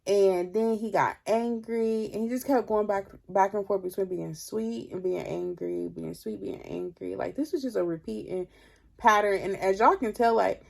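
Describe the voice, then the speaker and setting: A young woman telling a storytime tale in casual chat, drained and low on energy, leaning on 'like' as she talks. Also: moderate pace, vocal fry, darkish tone. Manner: chatty, leans heavily on 'like'. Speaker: vlogger.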